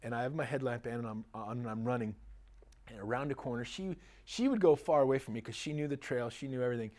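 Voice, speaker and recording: A middle-aged man speaks to a live audience in an easygoing seminar style, shifting quickly between advice and personal anecdotes. He is animated and chatty, with frequent laughter running through his stories. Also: medium pitch. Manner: animated, chatty storyteller who laughs often. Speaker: chiropractor giving a talk to an audience.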